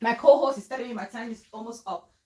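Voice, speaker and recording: A woman hosting a live talk show, effusive and quick to affirm, thanking callers and chatting with her viewers. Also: fairly high pitch, crowd noise. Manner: effusive, frequent affirmations, laughs often. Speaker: host. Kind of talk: casual live-show chat.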